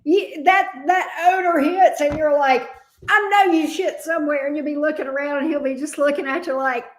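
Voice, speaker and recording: Woman, livestream host, chatty drawl, slightly high voice. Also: fairly even intonation, moderate pace. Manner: chatty, drawling, answers viewers by name. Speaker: tarot reader hosting a livestream. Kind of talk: casual livestream chat.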